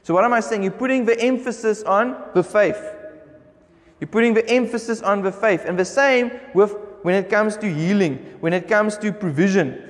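A man preaching a sermon as pastor, speaking emphatically and slowing right down whenever he reads scripture aloud. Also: high-pitched, big-room sound. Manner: emphatic preaching, slows down when reading scripture. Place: church hall.

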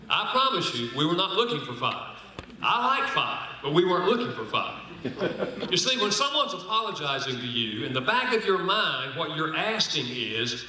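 A man giving a church seminar talk, folksy and humorous, slowing down to stress his points. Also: a little high, sharp tone. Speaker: speaker on marriage and apology. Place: large echoing hall. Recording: very echoey hall.

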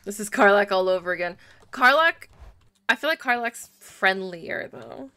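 A young woman chattering through a live game stream, excitable and quick to giggle. Her voice is bright and crisp, recorded dry and close. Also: mid-range voice, dry recording. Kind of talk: live gameplay commentary.

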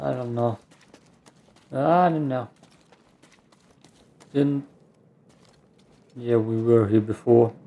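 A man's voice: medium pitch, drawn-out words, vocal fry, long pauses, warm tone. A man with a German accent, a native German speaker, giving rambling, self-mocking let's play commentary and cursing at the game. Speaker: gamer.

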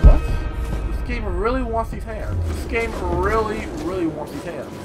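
A man's voice: sits high, lively intonation, normal speed. A man giving profane, frustrated commentary while playing a game. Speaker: gaming channel host. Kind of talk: gameplay commentary. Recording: game music behind the voice.

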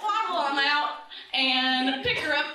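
A woman's voice: sits high, animated, unhurried, a crowd in the background. Woman, live storytelling, chatty, giggly, lots of ums, very echoey room, distant mic, audience audible. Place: live stage event before an audience.

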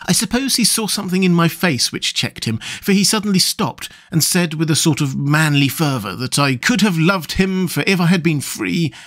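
A man's voice: fairly high pitch, lively intonation, normal speed, few pauses, fairly bright tone. A man reading as a sweet, emotional young woman, confiding in a letter for an audiobook. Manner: gushing, confiding.

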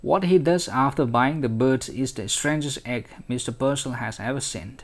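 A male teacher with an Indian English accent, reading a story aloud in class and stopping to explain it. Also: mid-range voice. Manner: slow, deliberate reading with pauses to explain.

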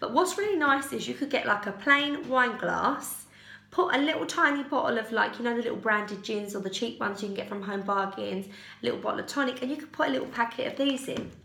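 A woman's voice: fairly high pitch, lively intonation, a little fast, creaky, bright, forceful tone. A young woman chatting casually through a shopping haul at home, rambling and correcting herself with little giggles. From United Kingdom. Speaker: haul vlogger. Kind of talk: casual chat. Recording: echoey room.

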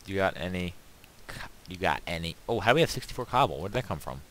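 A man's voice: low voice, fast talker. A man hosting his game channel, chatting with a co-player and getting frantic when monsters show up. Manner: excitable, frantic in danger. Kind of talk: casual gaming chat.

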